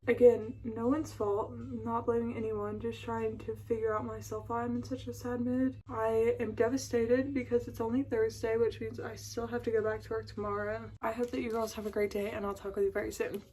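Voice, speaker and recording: A woman's voice: a little high, steady tone, fairly quick, hardly any pauses, mellow, a little hiss or hum, poor audio. A woman in her twenties chatting casually to a phone camera at home, rambling with lots of fillers and emotion. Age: 20s. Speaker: vlogger. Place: at home, indoors.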